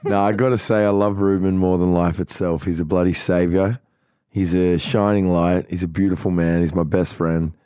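A man's voice: low-pitched, little pitch movement, moderate pace, mellow, clear, resonant tone, dry recording, clean studio sound. A man co-hosting a podcast, chatting casually with joking, self-mocking banter. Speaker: podcast co-host. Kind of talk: casual chat.

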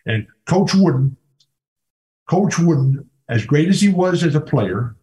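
A man's voice: a little high, expressive, measured pace, mellow. An older man telling stories as a podcast guest, enthusiastic and rambling, often repeating his words. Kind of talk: casual storytelling interview.

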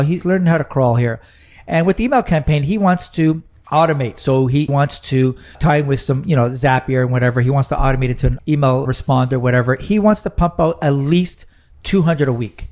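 A man's voice: a little high, darkish tone. A middle-aged man co-hosting a casual podcast chat, rambling and joking as he tells stories. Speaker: podcast co-host.

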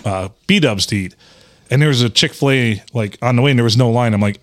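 A man's voice: medium pitch, brisk. A man hosting a casual podcast, telling stories with lots of acted-out quotes and swearing. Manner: animated storyteller, acts out quotes, swears. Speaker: podcast host. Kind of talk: casual chat.

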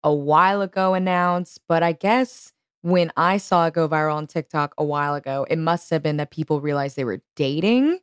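A woman's voice: sits low, normal speed, hardly any pauses, clear, resonant tone, dry recording, clean studio sound. A young woman, a podcast producer co-hosting, chatting casually with frequent giggles and self-deprecating asides. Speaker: podcast producer and guest co-host. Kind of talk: casual comedic chat.

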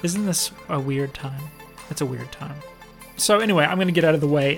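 A man's voice: fairly high pitch, creaky. A man in his thirties hosting a podcast, talking frankly about himself and laughing often. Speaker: podcast host. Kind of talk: candid podcast talk.

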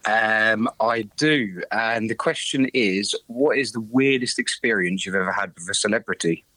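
Brief: young male caller from Bedford, deadpan mock-serious tone, dry sound. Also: fairly low pitch, normal speed, no echo, poor audio. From Bedford, England.

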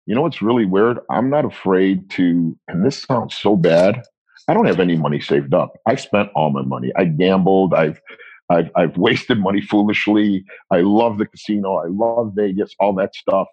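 A man in his forties talking casually as an interview guest, rambling and self-deprecating, quick to laugh. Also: deep voice, a little mellow, husky, dry recording, muffled recording. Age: 40s.

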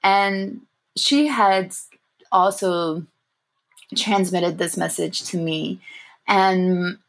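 A woman's voice: fairly low pitch, steady tone, very slow, creaky. Reflective young woman telling family stories. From grew up in England, family from Sri Lanka. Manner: thoughtful, warm, laughs softly, frequent fillers. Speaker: interview guest. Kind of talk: reflective personal storytelling.

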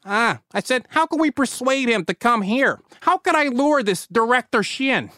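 A man's voice: extremely high pitch, lively intonation, moderate pace, bright, forceful tone, no echo, clean studio sound, voice pushed up, exaggerated voice. A man putting on a comical Chicago accent to voice a dictator, brash and exasperated. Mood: scheming. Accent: Chicago, put on.

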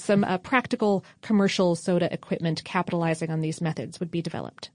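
A woman's voice: on the low side, steady tone, quick pace, few pauses, darkish tone, no room sound, clean studio sound. A woman co-hosting a casual history podcast, reading out facts with wry offhand asides. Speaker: podcast co-host.

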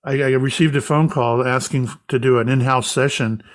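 A man guest in an interview, a medium, recounting an experience as a lively anecdotal storyteller. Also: medium pitch, brisk.

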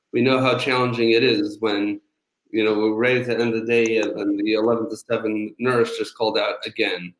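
A man hosting a podcast and interviewing a guest in a measured way, often using filler phrases. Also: lowish voice, no room sound. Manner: measured, with frequent "you know" fillers. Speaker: podcast host.

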